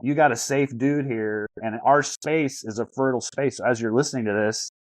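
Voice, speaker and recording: A man coaching over a video call in an earnest, searching way, often stumbling and repeating words before landing a thought. His voice sits mid-pitched and sounds dry and close, with no room around it. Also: brisk, no room sound, low-quality recording. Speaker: life coach.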